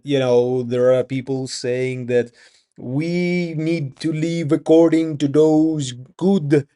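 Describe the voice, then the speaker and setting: A young Russian-accented man talking to camera in a loose, rambling monologue, cutting himself off and swearing freely. His delivery is slow and unhurried, and his voice sits dark and mellow. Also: medium pitch. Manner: rambling, swears often, self-interrupting. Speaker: vlogger. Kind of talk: casual monologue.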